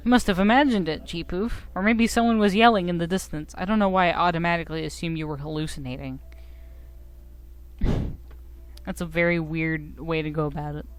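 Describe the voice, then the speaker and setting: A woman's voice: fairly low pitch, fairly even intonation, brisk, clean tone, dry recording. A young woman streaming a video game, joking and self-mocking as she reads the text aloud. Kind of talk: casual game commentary. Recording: faint game music behind.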